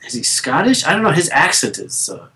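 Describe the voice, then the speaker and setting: A man's voice: fairly high pitch, wildly swooping pitch, brisk, a crowd in the background. A man in his thirties co-hosting a podcast, chatting casually with many restarts and fillers. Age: 30s. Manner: rambling, with many restarts and fillers, laughs easily. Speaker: podcast co-host. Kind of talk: casual chat.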